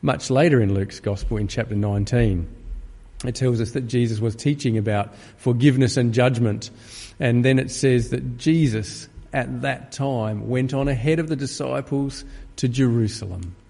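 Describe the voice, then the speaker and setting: A pastor preaching a sermon to an empty church, rising to fervent, pleading peaks. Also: male voice, mid-range voice, normal speed, gravelly, darkish tone. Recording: long reverb of an empty church.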